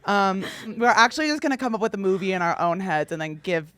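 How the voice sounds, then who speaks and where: Young woman host, mid-pitched, chatty, fillers, dry close sound. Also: animated, fast, no echo. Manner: filler-heavy, acts out quotes loudly. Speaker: podcast host. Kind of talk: casual storytelling.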